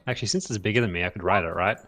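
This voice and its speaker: A man playing in a tabletop game, thinking out loud with lots of hesitation. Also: on the low side, rapid-fire, background noise. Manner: hesitant, thinks aloud with ums. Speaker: player. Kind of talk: casual tabletop game chat.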